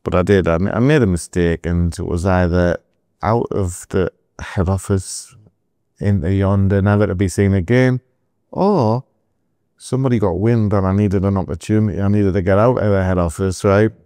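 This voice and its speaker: A middle-aged man from England, telling animated stories as a guest in a podcast interview, with asides to the host. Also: deep voice, normal speed, clean tone, no echo, clean studio sound. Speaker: entrepreneur guest.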